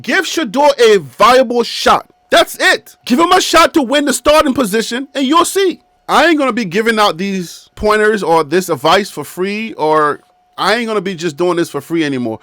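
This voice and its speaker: A man's voice: high-pitched, animated, moderate pace, pushed and bright, no room sound. A man in his fifties hosting a casual sports video from his studio chair. He talks straight at the team with emphatic, repetitive points. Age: 50s. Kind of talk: casual sports commentary to camera. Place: his own studio, seated.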